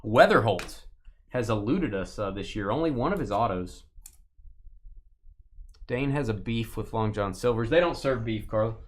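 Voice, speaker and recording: Joking man hosting a lively card break. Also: fairly low pitch, normal speed, long pauses, a little hiss or hum. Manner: joking, rambling, reads viewer chat aloud. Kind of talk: casual live-stream chat.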